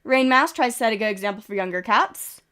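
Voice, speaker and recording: A woman livestreams a game, talking into a desk microphone as she reads out events with chatty asides and giggles. Her voice is high, expressive and sharp, she speaks fast, and she sounds congested and coughs.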